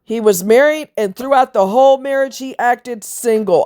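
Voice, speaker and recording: A woman's voice: fairly high pitch, moderate pace, few pauses, mellow. A woman ranting to her viewers in a blunt, scornful, profane way, mocking others in voiced quotes. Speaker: vlogger.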